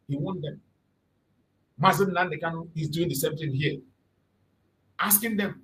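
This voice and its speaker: A man's voice: on the high side, normal speed, pauses often, fairly bright tone, a little hiss or hum, poor audio. A man from southeastern Nigeria, hosting an impassioned political commentary and hammering his points home with repetition. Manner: fervent, repetitive, emphatic. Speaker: channel host.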